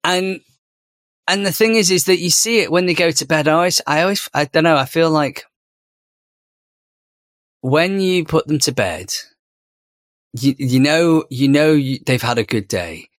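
A man's voice: on the high side, unhurried, pauses often, no room sound, studio quality. A man in his thirties, a podcast co-host, talking casually about parenting with many fillers and restarts. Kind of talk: casual conversation.

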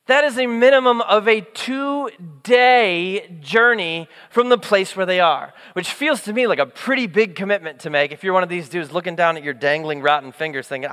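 Animated high-voiced young male pastor. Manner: animated storytelling, acts out voices. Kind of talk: sermon. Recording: long hall reverb.

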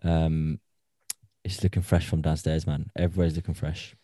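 A man's voice: a bass voice, level tone, moderate pace, mellow, no room sound, studio quality. A young man from Birmingham with a Birmingham accent, a podcast co-host chatting casually in slangy, laid-back talk full of fillers. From Birmingham, England. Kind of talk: casual banter among friends.

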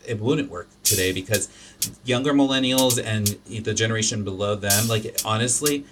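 Noise fills the background as a podcast host, a man with a lowish voice, works through his opinions at a moderate pace. His casual talk rambles loosely, with lots of fillers and false starts.

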